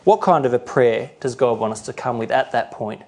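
A man's voice: medium pitch, a little fast, a little mellow. Earnest man preaching a sermon. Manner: earnest preaching, acts out quoted voices. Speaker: pastor.

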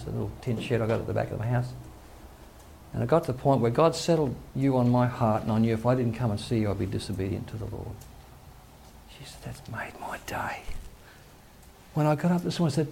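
A man's voice: medium pitch, creaky, dark tone. A male pastor giving a conversational sermon, acting out quoted voices, with faint background noise.

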